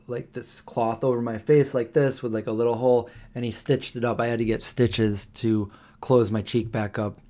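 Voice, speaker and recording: A man's voice: mid-range voice, a little mellow. Rambling middle-aged man telling a story. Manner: rambling, with many fillers and restarts. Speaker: host of a live Q&A stream. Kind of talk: casual storytelling.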